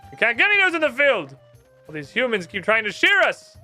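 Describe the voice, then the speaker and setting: A curt little penguin agent voiced by a man, impatient and clipped, firing off complaints in a bright, high voice. The pitch bounces around as he scoffs. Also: wildly swooping pitch, fairly quick, faint music behind, full character voice. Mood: complaining. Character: brusque male penguin spy agent.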